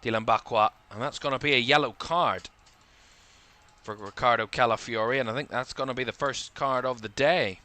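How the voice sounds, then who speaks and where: Yawning and somewhat worn out, this man does live football commentary for a watchalong, snapping out player names in quick bursts and getting louder as attacks develop. His mid-range voice has a sharp edge and moves at a normal speed.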